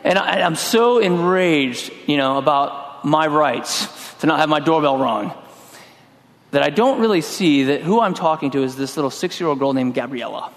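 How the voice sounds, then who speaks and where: A middle-aged man preaching a sermon in a relaxed, conversational way, telling a personal story and acting out his own lines. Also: on the high side, normal speed. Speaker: pastor. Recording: long hall reverb.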